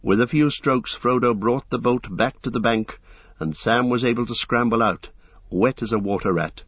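Man, storybook narration, steady measured reading, dull lo-fi recording, dry. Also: mid-range voice, husky, no echo. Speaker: audiobook narrator.

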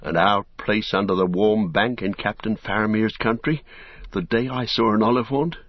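Brief: loyal hobbit companion, coaxing and devoted, played by a male reader, low and plain. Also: steady tone, normal speed, no room sound, lo-fi sound, natural voice. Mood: wistful. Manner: earnest, tender, coaxing.

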